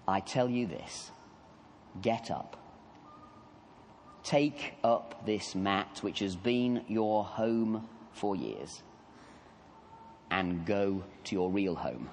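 A man voicing Jesus as a gentle, fatherly figure, speaking softly and tenderly to a frightened man. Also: on the low side, slight background noise, pitched below the performer's own voice. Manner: soft, tender, encouraging.

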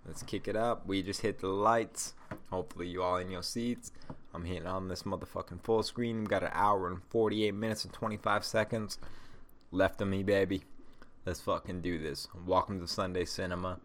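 A man's voice: low-pitched, steady tone, normal speed, fairly bright tone. A man hosting a podcast, chatting casually and swearing freely as he comments on a movie while watching it along with his listeners. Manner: laid-back, profane, chatty. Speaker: podcast host.

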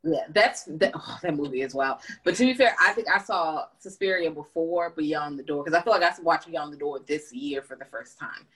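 A woman with a slightly low, husky voice talks films on a casual podcast. She recaps scenes in an animated, colloquial way and throws in playful asides. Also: normal speed, few pauses. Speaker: podcast co-host. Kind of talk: casual film discussion chat.

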